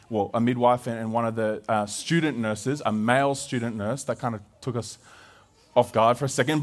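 With a mid-range voice, a thirty-something Australian pastor delivers his sermon as an animated personal anecdote, full of restarts and laughter.

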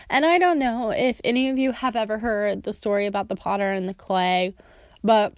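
A woman's voice: fairly high pitch, no echo, studio quality. A woman sharing a heartfelt personal testimony, earnest and storytelling, now and then acting out remembered words.

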